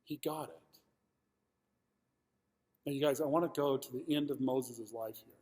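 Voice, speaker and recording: A male pastor preaching a sermon, talking expressively and moving between loud emphasis and quiet, heavy moments. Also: mid-range voice, unhurried. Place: church sanctuary. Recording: long reverb of a church hall.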